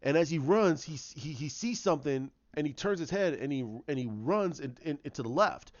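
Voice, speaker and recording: A man's voice: fairly high pitch, animated, a little fast, no echo, muffled recording. A man casually retelling a story idea as a video creator, rambling with frequent restarts and repeated words.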